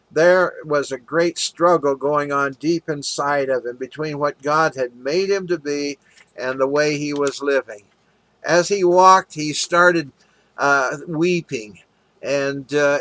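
A man tells a parable from the pulpit in an earnest storytelling way. His voice sits a little high for a man and it is recorded dry and close, with no room sound. He slips into small acted quotes as he goes. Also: sharp tone, no room sound. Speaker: preacher. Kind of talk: sermon storytelling.

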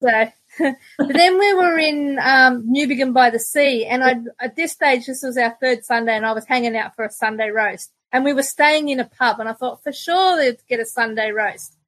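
A woman's voice: high-pitched, normal speed, a bit bright, dry recording, poor audio. A middle-aged Australian woman, a podcast guest, telling stories in casual chat and laughing often. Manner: chatty storyteller, laughs often.

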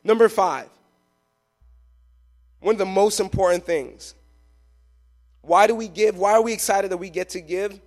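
In a church sanctuary, a man preaches a live sermon to his congregation with passion and emphasis, telling vivid stories. His voice sits high, his pace is a little slow, and he takes long pauses.

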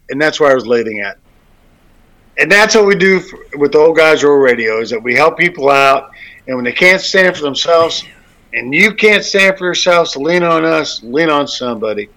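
A man's voice: a little high, animated, fairly quick, bright, forceful tone, low-quality recording. A man hosting a casual talk show, rambling with crude jokes and many restarts. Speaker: radio show host.

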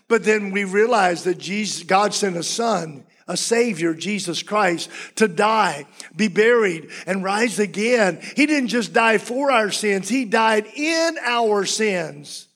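High-voiced man preaching with fervor. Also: lively intonation, a little slow. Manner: impassioned preaching, swings from loud to hushed. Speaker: pastor. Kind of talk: sermon.

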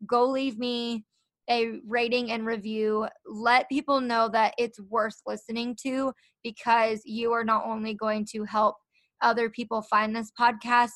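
A woman's voice: fairly high pitch, level tone, unhurried, fairly bright tone, no echo. A young woman hosting her own podcast, talking earnestly and encouragingly to her listeners. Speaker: podcast host. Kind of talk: solo podcast talk.

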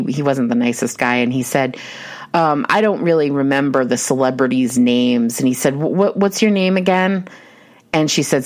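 Very low-voiced chatty woman. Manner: chatty, rambling storyteller with many fillers. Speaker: podcast host. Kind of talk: casual movie discussion.

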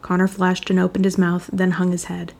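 A woman reads a fan fiction chapter aloud in a low, gravelly voice. Her delivery is even and measured, the steady pace of a storyteller working through a long passage. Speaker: narrator. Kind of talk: fan fiction audiobook reading.

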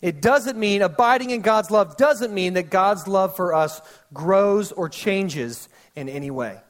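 A man in his thirties, a pastor preaching a sermon in a conversational, animated way with quick asides. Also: sits high.

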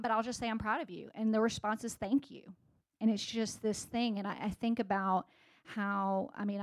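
A woman's voice: medium pitch, creaky, a little mellow. A woman in her forties giving a sermon-style personal talk to a congregation, conversational, with many fillers and restarts. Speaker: speaker at a church gathering.

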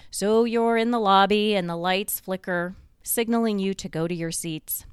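A woman's voice: mid-range voice, moderate pace, smooth, no room sound. A woman host telling a guided second-person story in a conversational way, drawing the listener into the scene.

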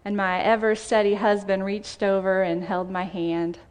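A woman's voice: medium pitch, flat delivery, darkish tone, clear, resonant tone. A woman pastor preaching a heartfelt sermon and reading scripture in a church. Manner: heartfelt, tearful gratitude, measured scripture reading. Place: church sanctuary.

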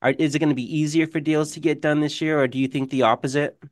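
A man co-hosts an interview with a smooth, resonant voice that sits a little high. He asks polite questions, hesitating now and then. The sound is dry, with no room echo. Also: fairly even intonation, quick pace. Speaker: guest co-host. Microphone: video call.

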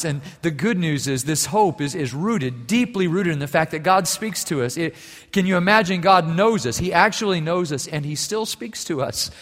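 A male pastor preaching in a church sanctuary. His voice sits a bit high for a man, and a long reverb trails each phrase. He builds to loud, emphatic peaks, then falls to near-quiet storytelling. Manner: earnest preaching, swelling louder on key phrases, dropping soft for stories. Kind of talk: sermon.

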